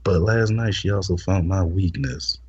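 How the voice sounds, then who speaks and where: A man's voice: deep voice, normal speed, darkish tone, slightly rough, highs cut off. A man hosting a podcast, telling a blunt, explicit story in casual talk and stammering over repeated words. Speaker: podcast host.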